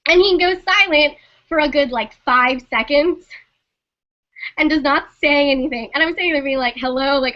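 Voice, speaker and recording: Young woman streamer, high bright voice, animated storyteller who acts out dialogue, swears a lot; lo-fi mic. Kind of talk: casual storytelling. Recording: dull lo-fi sound.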